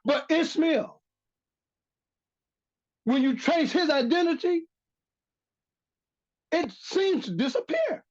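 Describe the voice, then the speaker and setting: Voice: sits high, expressive, takes it slowly, long pauses, a little mellow. A religious teacher giving a bible lesson, reading verses aloud and repeating key phrases for emphasis. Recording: dull lo-fi recording.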